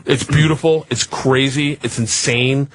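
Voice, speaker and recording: A man telling a long, profane story on a radio talk show, animated and acting out the other people in it. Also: medium pitch, measured pace, a little hiss or hum. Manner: animated, profane, acts out voices in his stories.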